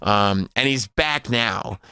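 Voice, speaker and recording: Man, podcast co-host, deadpan riffing, bright forceful voice, dry close mic. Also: medium pitch, slow, creaky, clean tone, no room sound. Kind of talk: casual comedy podcast chat.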